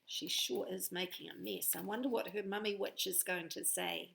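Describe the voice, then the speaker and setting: A woman's voice: on the low side, fairly even intonation, normal speed, vocal fry, few pauses, fairly bright tone. A woman reading a picture book aloud to children, playful and inviting them to join in. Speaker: storyteller.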